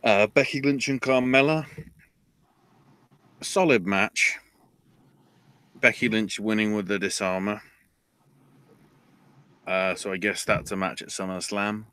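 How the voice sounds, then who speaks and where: A man's voice: fairly low pitch, takes it slowly, pauses often, a bit bright, clean tone, dry recording. A man hosting a podcast, recapping wrestling in a casual way with offhand, wry asides. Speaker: podcast host.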